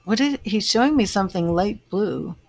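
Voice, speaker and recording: A woman doing a live-stream psychic reading, halting and searching as she relays what she senses. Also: mid-range voice, lively intonation, a little mellow, breathy edge. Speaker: psychic medium.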